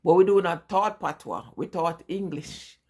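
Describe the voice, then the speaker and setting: A woman's voice: lowish voice, moderate pace, darkish tone, slightly rough. A middle-aged Jamaican woman with a strong Jamaican accent, chatting casually and rambling as she answers viewers in a live vlog. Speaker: vlogger.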